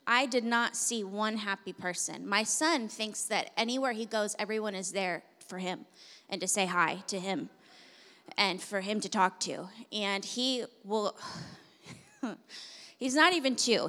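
A young adult woman pastor preaching a sermon in a church, telling an animated story and then praying. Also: mid-range voice. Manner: animated storytelling, laughing at times, then prayer. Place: church sanctuary. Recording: reverberant church hall.

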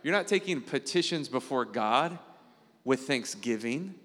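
A male pastor gives a relaxed, conversational sermon at an ordinary middle pitch. He keeps checking in with his listeners through quick tag questions and turns earnest, with sudden leaps up in pitch. His voice carries a long reverb, as though recorded in a church hall. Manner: earnest, animated preaching with sudden jumps in pitch.

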